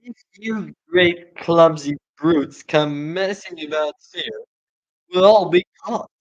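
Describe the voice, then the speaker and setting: A man voicing a greedy male rat in a storybook, shrieking his lines in a shrill scolding voice. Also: takes it slowly, dull audio.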